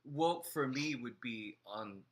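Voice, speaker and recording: A man's voice: medium pitch, lively intonation, slow pace. A man co-hosting a casual talk show, asking curious questions and giving brief affirmations. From immigrant family. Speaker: co-host. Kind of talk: casual conversational chat.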